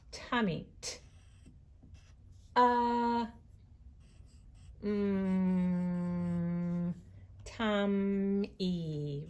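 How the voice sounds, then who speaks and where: Slow, gravelly-voiced woman teacher. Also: medium pitch, fairly bright tone. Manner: stretches out word sounds slowly. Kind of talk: read-aloud writing lesson for young children.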